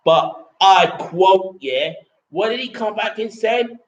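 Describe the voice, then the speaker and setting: A man's voice: high voice, expressive, takes it slowly. A young man rambling casually about a trip. He repeats himself, keeps restarting sentences and swears casually. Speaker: vlogger reviewing a trip. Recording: roomy, dull lo-fi sound with faint background noise.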